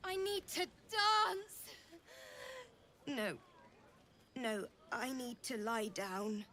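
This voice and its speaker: A tipsy dreamy party girl, super slow, bright tone. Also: fairly high pitch, big pitch swings, slight background noise, exaggerated voice.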